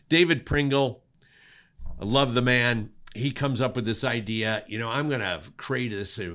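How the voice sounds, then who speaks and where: A man co-hosting a podcast, telling a work story in an animated way and acting out the sounds. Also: on the low side. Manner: animated, makes sound effects while telling stories. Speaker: co-host, cinematographer. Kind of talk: casual storytelling.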